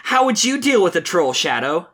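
A podcast host voicing a preachy young male cartoon hedgehog hero in a comic dramatic reading, speaking slowly and overly sincerely. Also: mid-range voice, sing-song, fairly bright tone. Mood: earnest preachy. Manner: slow, raised and overly sincere.

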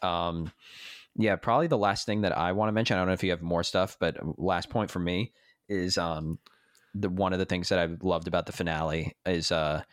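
A man's voice: sits low, steady tone, brisk, smooth, dry recording, studio quality. A man co-hosting a casual podcast chat about a TV episode, enthusiastic and checking his notes. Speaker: podcast co-host.

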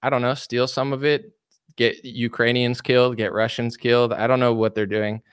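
Rambling man with a smooth, dry voice. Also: mid-range voice, level tone, normal speed, dry recording. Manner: rambling, filler-heavy, frequent restarts. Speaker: livestream commentator reading chat. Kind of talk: casual political rant.

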